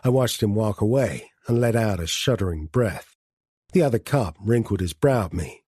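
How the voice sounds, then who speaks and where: A man reading an audiobook in a measured first-person narration. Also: lowish voice, expressive, mellow, slightly rough, no echo, clean studio sound. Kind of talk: scripted narration.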